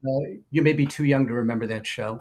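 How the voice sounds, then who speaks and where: A man, a writer and producer guest, telling anecdotes in an interview with an animated manner. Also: mid-range voice, fast. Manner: animated storyteller.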